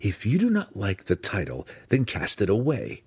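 A man reading aloud, voicing an earnest young male dark elf warrior who speaks with pressing intensity. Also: on the low side, huge pitch swings, moderate pace, husky, no room sound, heavily acted. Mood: intense.

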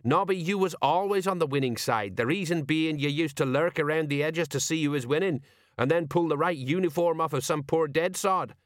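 A man's voice: on the high side, no room sound, studio quality, voice pushed up, lightly acted. A man doing a rambling, nervous old-soldier sergeant. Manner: rambling, folksy, drawn-out. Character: nervous rambling middle-aged male sergeant.

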